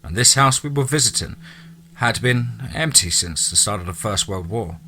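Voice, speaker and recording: A man narrating a listener's true ghost story in a dramatic storytelling manner, dropping into low asides. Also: lively intonation, normal speed, sharp tone.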